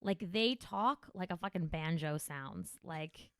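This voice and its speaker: A woman's voice: on the low side, takes it slowly, smooth. A woman from New Jersey hosting a comedy podcast, rambling and swearing freely in casual chat. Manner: profane, rambling, animated storytelling.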